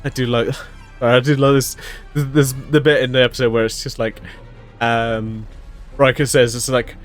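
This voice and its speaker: A man's voice: medium pitch, steady tone, moderate pace, soft background music. A man giving a casual, rambling solo recap of a TV episode, full of fillers, restarts and swearing. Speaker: episode reviewer.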